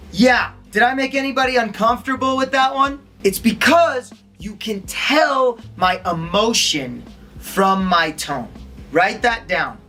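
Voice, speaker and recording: A man's voice: very high voice, expressive, unhurried, pushed and bright, faint music behind. A man teaching a lesson as an acting instructor, quizzing his listeners and acting out tones of voice. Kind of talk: recorded lesson to an audience.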